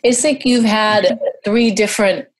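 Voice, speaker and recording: A woman's voice: medium pitch, unhurried. A woman hosting a podcast, asking encouraging questions of her guest. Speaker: podcast host. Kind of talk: interview questions.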